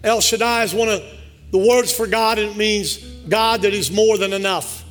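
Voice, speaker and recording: Male pastor, very high-pitched, fervent sermon with call-and-response and shouted peaks, faint music behind. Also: steady tone, moderate pace. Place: church sanctuary.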